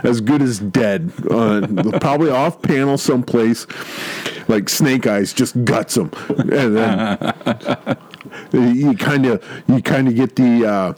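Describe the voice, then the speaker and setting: A man's voice: medium pitch, slow, a little mellow, poor audio. A man co-hosting a podcast, telling a comic book story in rambling casual chat. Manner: rambling storyteller, many restarts and quoted voices. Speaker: podcast co-host.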